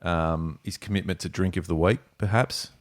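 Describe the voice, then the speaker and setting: A man's voice: low-pitched, steady tone, normal speed. A man hosting a podcast, rambling and laughing in casual chat. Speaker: podcast host.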